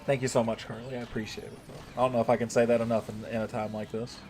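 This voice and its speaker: A man's voice: mid-range voice, flat delivery, fast talker, a little mellow, slight background noise. A man chatting casually on a live game stream, joking with his chat and swearing now and then.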